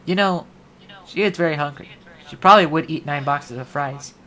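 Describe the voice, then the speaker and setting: Woman, low pitch, livestream host, rambling casual chat, filler-heavy talk. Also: normal speed, bright, forceful tone.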